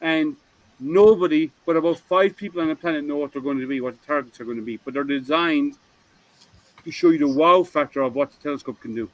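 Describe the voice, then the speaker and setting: Man host, casual teasing chatter on a video call, fairly high voice. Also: a little fast, low-quality recording. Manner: chatty, teasing, laughs often. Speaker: host of a group video hangout. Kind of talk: casual group chat.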